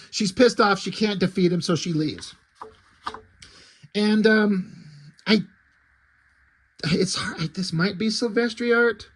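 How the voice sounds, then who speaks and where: A man's voice: high voice, fairly bright tone. A man reviewing comic books in casual, rambling talk, blunt and opinionated, swearing freely and trailing off into ums and asides.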